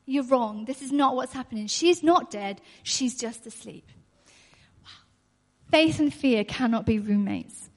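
A woman's voice: on the high side, expressive, unhurried, a little mellow. A woman preaching a sermon in an earnest way, repeating her key phrases and laughing often. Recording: long hall reverb.

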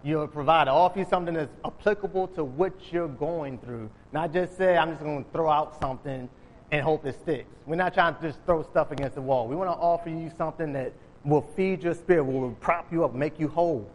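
In a long, reverberant hall, a man with a slightly high voice delivers an informal sermon at a brisk pace. His casual, conversational retelling of Bible stories includes acting out the characters.

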